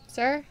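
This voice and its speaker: Young adult woman, virtual streamer, live gameplay commentary, chatty and giggly, slow easy delivery. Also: a little high, noisy background. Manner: chatty, talks to game characters, laughs often. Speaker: VTuber streamer.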